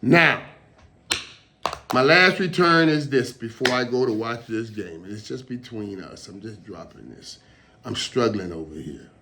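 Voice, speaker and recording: Man, casual solo talk, rambling, emotional, mid pitch. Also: a little slow, bright, forceful tone, a little hiss or hum. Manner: emotional, rambling, repeats words. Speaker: show host.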